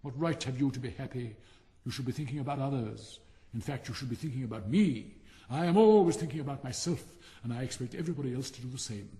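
A man's voice: medium pitch, quick pace, dark tone, long reverb tail, close to an everyday voice. A man voicing a vain, touchy male firework rocket in a haughty, theatrical manner for a storybook. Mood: indignant. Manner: haughty, self-important, theatrical.

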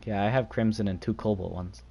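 A man's voice: on the low side, fairly even intonation, vocal fry, darkish tone. A young man livestreaming a game, chatting casually and joking with friends and viewers. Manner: joking, rapid banter with friends. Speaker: streamer. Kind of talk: casual gaming livestream chat.

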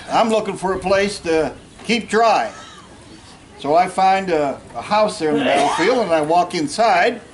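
A man's voice: high-pitched, slight background noise, poor audio. A man reenacting a plainspoken Civil War Union general, telling war stories in the first person with folksy humor and drawing the audience in. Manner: folksy storytelling, jokes with the audience. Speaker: historical reenactor. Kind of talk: first-person living history talk. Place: outdoor history event in a park.

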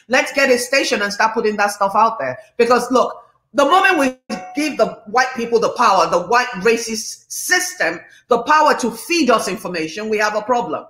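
A woman from Nigeria, hosting an impassioned live-stream monologue, her voice rising to yelling when passionate. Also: fairly high pitch, echoey room. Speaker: host.

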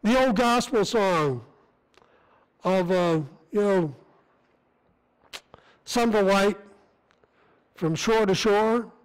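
Man, missionary preacher, high-pitched voice, earnest conversational sermon, church sanctuary. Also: extremely slow, long pauses, clean tone, poor audio.

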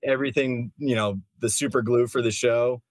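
A man's voice: mid-range voice, fairly even intonation, normal speed, dry recording. A man from a film crew telling a loose, rambling story in casual chat, with lots of filler words.

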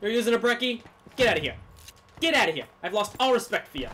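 Excitable gamer man yelling at his game. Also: very high voice, fast, a little hiss or hum. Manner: excitable, swings between muttering and yelling. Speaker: gaming YouTuber. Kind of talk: live gameplay commentary.

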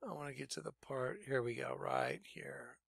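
A man leading a ministry, preaching informally in an animated way, laughing and swinging between loud outbursts and quiet asides. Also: mid-range voice, moderate pace, gravelly, slightly rough, no room sound, clean studio sound. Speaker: ministry leader.

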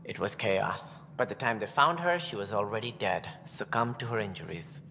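A stiff alien director with a low, lively voice that climbs and falls as he talks. He is formal and condescending. The game audio rings with long reverb and a soft music bed. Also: moderate pace, a little hiss or hum, exaggerated voice. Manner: formal, condescending about commoners. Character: stern alien male colony director, haughty.

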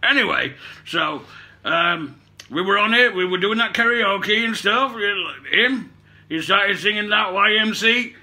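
In character as a puppet-show host, this man spins a meandering comic story with a high-pitched, expressive, sharp voice, taking his time. His accent mixes Cockney and Somerset, and he swears, backtracks to correct himself, and laughs at his own jokes.

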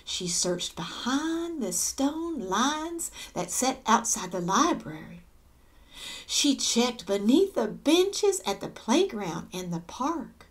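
Slow, lively woman reading a storybook. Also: sits high. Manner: expressive, gasps and asides to listeners. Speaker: children's book reader. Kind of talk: read-aloud storytelling.

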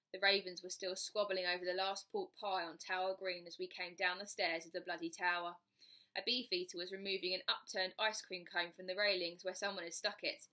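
A woman's voice: lowish voice, little pitch movement, fairly quick, pushed and bright. A woman reading a children's storybook aloud, narrating in the first person with expression. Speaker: storybook reader.

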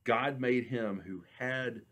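Man, preacher, church sermon, unhurried, repeats words, mid-pitched voice. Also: a bit bright. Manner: measured, reads scripture slowly, frequent word repeats.

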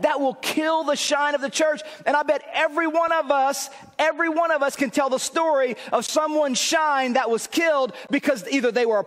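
High-pitched male pastor, chatty preaching that builds to shouts; reverberant sanctuary. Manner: conversational preaching, rising to emphatic shouts. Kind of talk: sermon.

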